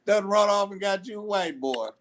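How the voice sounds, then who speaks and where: A man's voice: high-pitched, lively intonation, normal speed, a crowd in the background. A middle-aged man in casual live-stream panel talk, blunt, crude and mocking, laughing often. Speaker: judge, panel guest.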